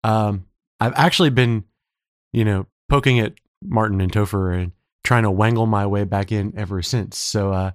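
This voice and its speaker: A man's voice: fairly low pitch, moderate pace, dry recording, clean studio sound. A man co-hosting a podcast in casual, joking talk, his throat slightly scratchy. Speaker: podcast co-host.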